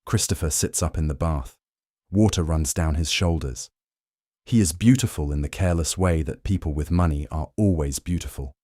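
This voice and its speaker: A man narrating a history story for sleep in a calm, slow, soothing scripted style. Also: a bass voice, no room sound, studio quality.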